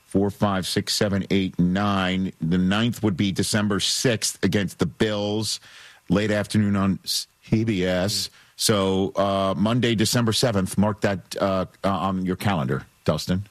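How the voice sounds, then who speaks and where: A man hosting a call-in sports radio show, bantering quickly with callers and reading out a schedule. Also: sits low, fairly even intonation. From New York area.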